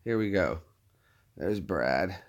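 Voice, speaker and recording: A man's voice: sits low, expressive, slow pace. A man hosting a casual livestream from his phone, rambling and often restarting his sentences. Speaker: livestream host.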